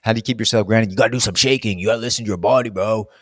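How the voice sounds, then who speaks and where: A man's voice: on the low side, racing, fairly bright tone, no echo, clean studio sound. A man in a casual, reflective monologue, rambling and musing with plenty of fillers. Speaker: vlogger.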